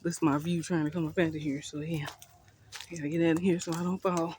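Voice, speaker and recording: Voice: mid-range voice, flat delivery, fast, darkish tone, slight background noise. Brief: friendly backyard gardening vlogger, a little winded, outdoors on a phone, laughs a lot. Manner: chatty, laughs often, thinks aloud. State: a bit winded. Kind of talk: casual vlog walk-through.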